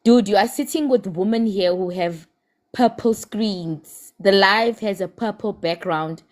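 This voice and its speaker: A woman's voice: mid-range voice, a little slow. A woman with a South African accent in a heated live-stream debate, impassioned and scolding, slipping Zulu words into her English.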